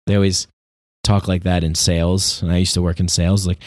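A man's voice: low-pitched, little pitch movement, a little fast, a little mellow, dry recording, studio quality. A man hosting a podcast, talking in a rambling, reflective monologue full of restarts and laughs. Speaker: podcast host. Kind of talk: casual monologue.

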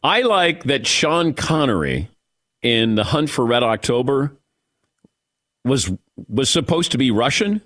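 A male sports talk radio host chats casually about football into a studio mic. His voice swings widely in pitch as he jokes and throws in asides. The sound is dry and close. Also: big pitch swings, a bit bright, no room sound. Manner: conversational, joking, quick asides. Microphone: studio broadcast mic.

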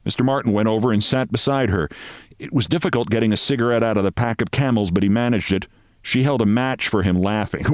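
A male podcast host reading a short story aloud with expressive storytelling. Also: lowish voice, moderate pace, dry recording, clean studio sound. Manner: expressive storytelling, shifting voices.

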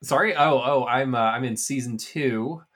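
A man's voice: medium pitch, moderate pace, fairly bright tone. A man hosting a wrestling podcast, chatting in an easygoing, rambling way with many fillers. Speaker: podcast host. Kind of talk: casual chat.

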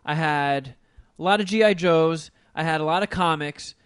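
A man with a slightly high, fairly bright voice that sounds clear and resonant co-hosts a podcast, talking at normal speed. He tells rambling, profane stories in a casual chat, recorded dry with clean studio sound.

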